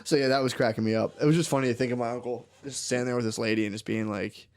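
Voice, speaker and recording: A man's voice: medium pitch, steady tone, very fast, darkish tone. A young man co-hosting a casual comedy podcast, telling a rambling, profane story and laughing through it. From United States. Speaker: podcast co-host.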